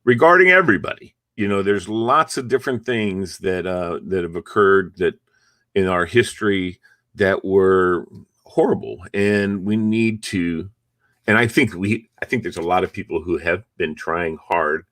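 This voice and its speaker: A man hosting an interview show tells long, rambling stories in a fairly low voice. His recording is dry and close, with no room around it. He keeps things loose and conversational. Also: unhurried, fairly bright tone, no room sound. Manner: rambling anecdotal storytelling. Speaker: show host.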